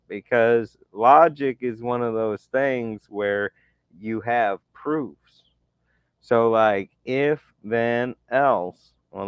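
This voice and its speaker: A man's voice: medium pitch, clean tone, dry recording. A man ranting with scorn and a lot of swearing, giving commentary over screenshots. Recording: dull lo-fi dry sound.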